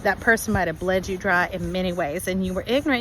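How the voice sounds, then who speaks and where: A woman giving a spiritual tarot reading to her viewers, animated and playfully acting out their voices. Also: lowish voice, fast talker, a little hiss or hum, low-quality recording. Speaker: tarot reader.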